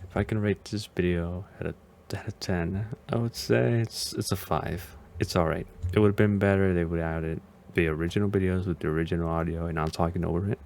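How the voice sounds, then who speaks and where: Deep-voiced hesitant male vtuber. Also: fairly even intonation, a little fast, gravelly, few pauses, darkish tone, a little hiss or hum. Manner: hesitant and rambling, often unsure. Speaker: vtuber reacting to videos. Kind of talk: casual reaction commentary.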